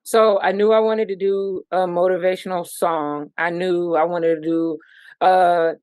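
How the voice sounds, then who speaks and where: Woman from virginia chatting as a guest, kinda low voice, acts stuff out and scats the beats. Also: unhurried, clean tone, no echo. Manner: animated storytelling, sings out rhythms and sound effects. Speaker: musician guest. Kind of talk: casual interview.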